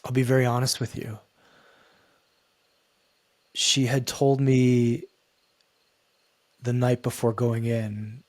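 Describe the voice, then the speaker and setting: A man, a guest on a podcast, telling a personal story in an earnest, halting way that repeats and restarts phrases. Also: medium pitch, little pitch movement, dry recording. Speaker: guest, men's coach.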